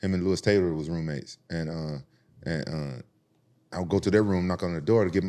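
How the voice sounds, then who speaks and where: A man from Memphis, a podcast guest telling profane, animated stories about street fights and jumping high in pitch to quote other people. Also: brisk. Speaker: podcast guest, former UFC champion. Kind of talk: casual storytelling.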